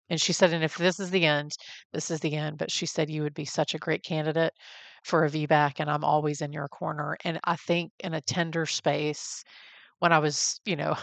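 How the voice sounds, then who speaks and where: A woman's voice: sits low, little pitch movement, brisk, vocal fry, a bit bright, dry recording. A woman hosting a podcast interview, affirming her guest and sharing an emotional personal story. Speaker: podcast host.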